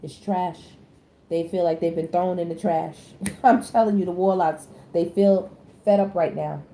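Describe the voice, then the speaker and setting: A woman tarot reader talks casually and directly to her viewers, slangy and animated, jumping from loud outbursts to low mutters. Her voice is mellow and warm. The room is echoey, with faint noise underneath. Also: unhurried. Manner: slangy, addresses the audience directly.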